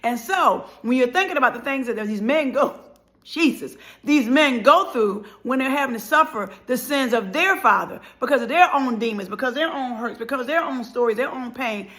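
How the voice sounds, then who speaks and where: A middle-aged woman, a motivational speaker, telling a personal story in an animated, emphatic way and returning to a repeated refrain. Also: sits high, moderate pace.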